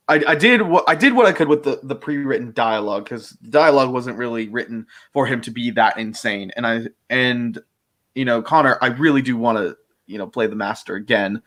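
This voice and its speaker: A male voice actor talks through his roles in a relaxed interview. His speech wanders, packed with fillers, restarts and frequent laughter. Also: mid-range voice. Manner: rambling, full of fillers and restarts, laughs often. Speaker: voice actor guest. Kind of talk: casual interview chat.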